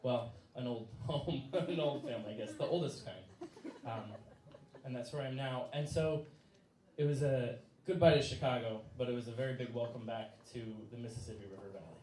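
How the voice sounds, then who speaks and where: A man's voice: mid-range voice, brisk, darkish tone, a little hiss or hum. A young man telling a personal story live on stage, casual and laughing, with many fillers. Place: stage in a small venue. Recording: echoey room from far off.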